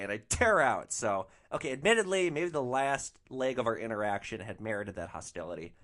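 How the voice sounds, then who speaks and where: An animated man spinning comic stories on a podcast, profane and exasperated. His voice is bright and forceful, and his pitch swings widely. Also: brisk, hardly any pauses. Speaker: podcast host, rideshare driver. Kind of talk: comic storytelling.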